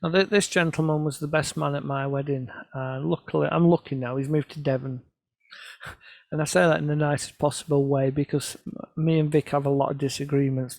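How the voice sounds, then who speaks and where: Presenting his work to a crowd, a photographer tells casual, self-deprecating anecdotes and does voices for the people he quotes. His gravelly voice is fairly high with a darkish tone, and the recording is dry.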